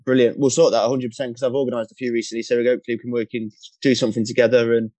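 A man hosting an interview, brisk and upbeat, chipping in quick affirmations. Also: mid-range voice, flat delivery, dark tone, dry recording. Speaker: podcast host. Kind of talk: casual interview chat.

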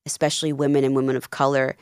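Woman, 30s, low register, animated storyteller acting out dialogue, dry close sound. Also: rapid-fire, smooth, no echo. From Peru and New Jersey. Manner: animated, acts out quoted dialogue. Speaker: podcast guest, life coach. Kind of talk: casual interview storytelling.

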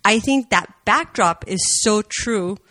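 A woman talking casually on a podcast, animated and opinionated as she discusses a film. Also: medium pitch, takes it slowly. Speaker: podcast guest.

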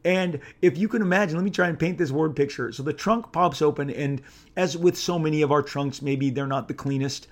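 A middle-aged comic book artist from Southern California tells a casual anecdote in an animated, rambling way, full of fillers and restarts. His voice is fairly high, and he speaks fairly quickly.

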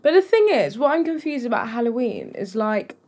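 A woman's voice: fairly high pitch, fairly quick. A young woman, co-hosting a podcast in playful casual chat. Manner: lively, playful, puts on joking accents. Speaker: podcast co-host.

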